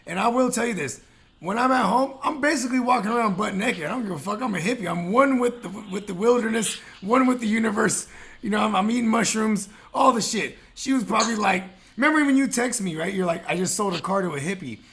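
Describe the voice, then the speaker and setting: Man, podcast host, from Northern California, high gravelly voice, loud, joking, casual chat. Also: fairly quick. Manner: loud, joking, laughs often.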